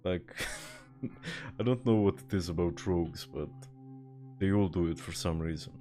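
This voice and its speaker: Deep-voiced Serbian-accented man streaming games. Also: normal speed, mellow, faint music behind. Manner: laid-back, swears, chuckles, answers chat. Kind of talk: casual live-stream chat while gaming.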